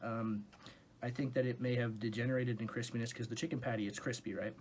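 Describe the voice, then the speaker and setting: Speaking at an ordinary mid pitch with a steady, slightly mellow tone, a young man meanders through a funny fast-food review full of tangents and cursing outbursts. In the background of his dim room, there's faint noise and a few clicks.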